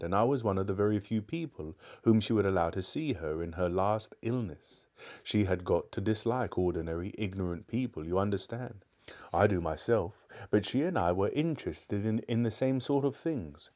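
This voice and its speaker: Sly old uncle-magician, oily charm, chuckling, lively sweep up and down, read by a man. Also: on the low side. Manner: smooth, ingratiating, chuckling. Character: scheming elderly male magician uncle, oily and smug.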